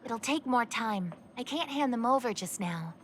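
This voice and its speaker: A woman's voice: on the high side, lively intonation, moderate pace, slight background noise, close to an everyday voice. An actress playing a composed, polite female official in a video game, explaining matters formally. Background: game music.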